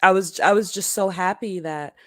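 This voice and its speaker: Brief: woman, 30s, podcast co-host, deep voice, dry close sound, easy laugh, thinking-aloud ums. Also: a bit bright, no echo. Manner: laughs easily, pauses with ums while thinking. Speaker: book club podcast co-host. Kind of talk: casual chat.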